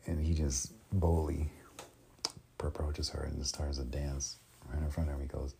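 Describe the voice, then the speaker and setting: A man hosting a casual solo podcast, speaking haltingly with many pauses and restarts. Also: rumbling low, fairly even intonation, dark tone, slightly rough. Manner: halting, full of ums and restarts. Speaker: podcast host.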